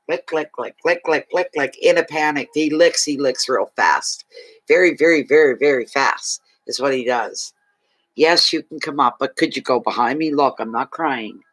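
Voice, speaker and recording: A man's voice: a little high, fairly bright tone. A man from Canada chatting casually on a livestream as a fortune reader, emotional, thanking viewers and talking to his dog.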